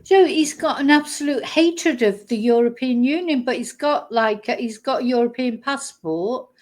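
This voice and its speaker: A woman with a fairly high voice talks her viewers through clips in a loose, chatty way. She is blunt and indignant, trips over her words and restarts often. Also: normal speed, a little mellow. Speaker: commentary vlogger. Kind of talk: casual reaction commentary.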